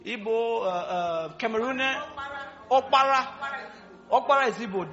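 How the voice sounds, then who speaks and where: A man's voice: very high voice, a little slow, lo-fi sound. A man preaching a sermon in a church, playfully quizzing the congregation and laughing with them. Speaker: pastor. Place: church hall.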